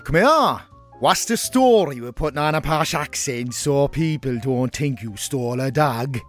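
A man's voice: medium pitch, expressive, a little slow, soft background music, close to an everyday voice. A man with a Cork accent playing a brash young northside letter-writer, telling his story broadly and cheekily. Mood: cheeky. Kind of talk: comic radio letter reading.

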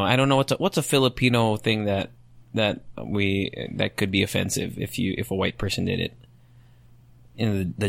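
A young man hosting a solo podcast, thinking out loud and rambling through rhetorical questions as he reads online comments. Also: fairly low pitch, vocal fry, no echo. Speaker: podcast host.

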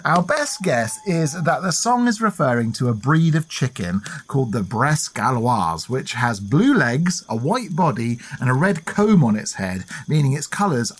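A man's voice: medium pitch, very animated, normal speed, few pauses, husky. A man hosting a podcast in casual chat, playful and often laughing. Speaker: podcast host.

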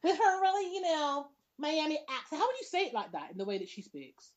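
A fairly high-voiced woman, chatting casually and outspokenly as a podcast co-host. She talks with sass and animation, firing off opinions. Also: sing-song, a little fast, dull audio. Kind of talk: casual chat.

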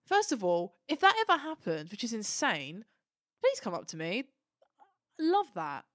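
A woman's voice: mid-range voice, huge pitch swings, unhurried, dry recording, clean studio sound. A young woman co-hosting a podcast, telling stories in a gushing, emotional casual chat. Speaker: podcast co-host.

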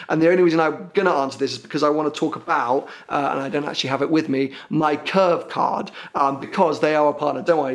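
A young British man with a British accent hosting a podcast, chatting casually and rambling a little with plenty of ums and uhs. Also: fairly high pitch. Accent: British English. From Britain. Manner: rambling, self-deprecating, lots of ums and uhs. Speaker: podcast host.

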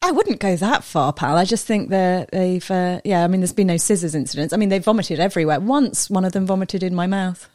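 A woman's voice: lowish voice, a little fast, hardly any pauses, a little mellow, no echo, studio quality. A woman in her forties co-hosting a podcast, chatting candidly about family and her garden design business. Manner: candid, chatty, calls people pal. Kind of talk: casual chat.

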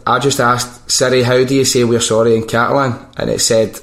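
A man's voice: medium pitch, brisk, hardly any pauses. A Scottish man hosting a podcast, chatting casually and telling stories with plenty of swearing. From Scotland. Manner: sweary, animated storyteller. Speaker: podcast host. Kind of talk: casual chat. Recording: roomy echo.

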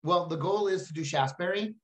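A man with a Texan accent, a comedian chatting casually and telling animated stories as a podcast guest. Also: high-pitched, a little fast. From Texas. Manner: animated storyteller, slips into silly voices.

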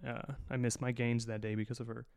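A man hosting a podcast, telling a long personal story in a profane, animated, self-mocking way. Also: mid-range voice, brisk, smooth, no echo, studio quality. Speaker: podcast host. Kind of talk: casual storytelling.

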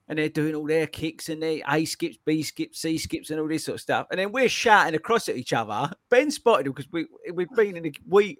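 A man hosting a running podcast, telling stories in an excitable, animated way. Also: on the high side, no room sound, clean studio sound. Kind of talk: casual chat.

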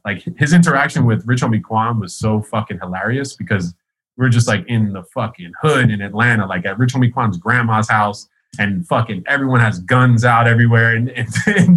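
A man's voice: medium pitch, animated, brisk, fairly bright tone, slightly rough, rough recording. A man telling a rambling, profane story in a casual chat, laughing often as he goes.

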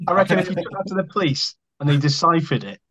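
A man's voice: fairly high pitch, expressive, fast, a bit bright. A man co-hosting a podcast, joking and teasing his guest. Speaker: podcast co-host. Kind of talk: casual podcast chat.

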